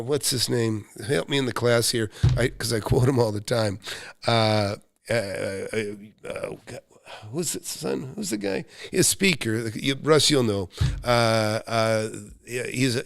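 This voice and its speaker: In a live-stream Q&A, a middle-aged American real estate coach talks money with his viewers, blunt, sometimes profane, and constantly restarting. His medium-pitched voice is creaky with a slight brightness. No echo; clean studio sound.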